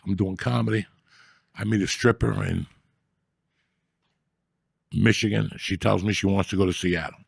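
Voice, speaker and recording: Gravelly low-voiced guy rambling through a raunchy story, swears a lot, dry close sound. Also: dry recording. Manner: crude, profane storytelling, acts out quoted people. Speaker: storyteller guest. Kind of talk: casual storytelling chat.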